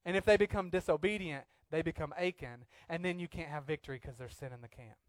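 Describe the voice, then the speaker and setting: A man preaching a sermon as pastor, swinging from loud acted outbursts to quiet earnest talk. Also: on the high side, fast talker, no room sound.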